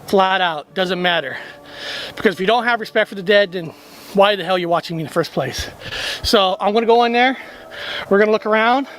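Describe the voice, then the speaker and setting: A man with a notably high speaking voice hosts a ghost-hunting vlog from a wooded hillside cemetery. He is winded from the climb and talks in a blunt, chatty way, swearing casually. A faint hum of outdoor noise sits behind him. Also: brisk, a bit bright, poor audio. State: out of breath from a hill climb. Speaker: ghost-hunting show host. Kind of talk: casual on-site vlog talk.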